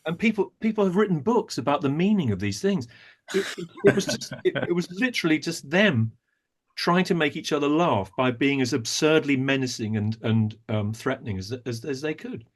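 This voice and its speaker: His voice is high-ish, expressive, and a bit quick. As an actor and director guesting on a podcast, he answers interview questions with long, reflective stories, restarting himself in small ways again and again.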